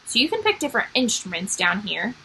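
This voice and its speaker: A woman's voice: mid-range voice, big pitch swings, quick pace, sharp tone, slightly rough, poor audio. A woman music teacher giving a recorded online lesson to young children, upbeat and explaining step by step.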